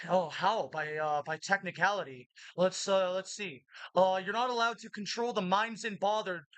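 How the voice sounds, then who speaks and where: A woman ranting in a monologue to camera, agitated, with halting restarts that give way to shouted insults. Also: medium pitch, no room sound, poor audio. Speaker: vlogger.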